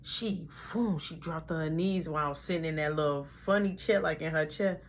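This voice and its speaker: A woman's voice: low voice, brisk, a little hiss or hum. A woman telling a story casually and with energy, sometimes dropping to a whisper, in a slangy way. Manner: animated, drops to whispers, slangy retelling. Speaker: vlogger.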